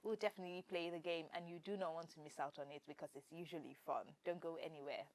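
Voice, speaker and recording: A woman's voice: sits low, steady tone, fast, a little mellow, faint music behind. A woman co-hosting a casual chat show, playful and chatty as she leads a party game. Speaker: co-host.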